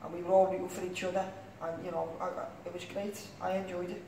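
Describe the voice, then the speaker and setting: Young scouse guy rambling in a casual interview, highish voice, echoey room. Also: level tone, quick pace, creaky, mellow. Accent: Liverpool. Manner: rambling, peppered with "you know what I mean". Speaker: interview guest, singer. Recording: echoey room, distant mic, faint noise.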